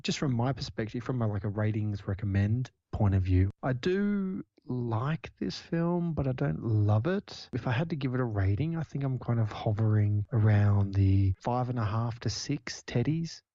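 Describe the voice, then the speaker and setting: A man's voice: medium pitch, moderate pace, hardly any pauses, mellow, dry recording. A male podcast co-host chatting casually about a film, rambling and hedging with many fillers. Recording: dull lo-fi dry podcast mic.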